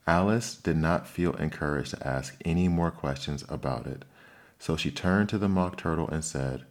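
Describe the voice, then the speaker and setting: Very deep-voiced male storybook narrator. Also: normal speed.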